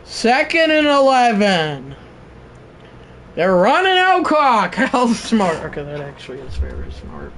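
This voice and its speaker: A young man doing excitable play-by-play commentary on a video game stream, laughing along with his chat and shouting on big plays. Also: high voice, measured pace, a little hiss or hum. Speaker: livestream commentator.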